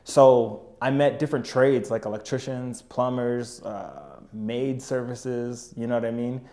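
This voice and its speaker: A man's voice: medium pitch, measured pace, mellow. Laid-back young man telling stories with slang. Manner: laid-back, slangy, keeps saying "you know what I mean". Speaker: podcast guest, business owner. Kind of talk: casual storytelling chat.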